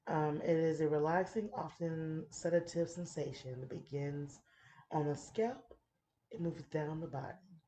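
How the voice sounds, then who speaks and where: A woman hosting a casual chat, playful and giggly, who sometimes drops into soft whispers. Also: sits low, fairly even intonation, a little slow, slight background noise. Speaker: podcast host.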